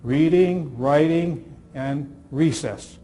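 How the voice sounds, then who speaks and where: A man in his sixties gives a talk to a live audience through stories. His voice sits a little high, and he builds his points with repetition and well-timed pauses. A dry humor runs through his delivery. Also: mellow. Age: 60s. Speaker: speaker on communication skills.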